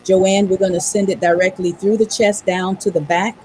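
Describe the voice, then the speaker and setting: A woman guides a group through a vocal exercise, directing each participant by name as she goes. Her voice sits at an ordinary pitch. A faint hiss and some room ambience run behind her. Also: steady tone, moderate pace, darkish tone, rough recording. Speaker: voice workshop co-leader.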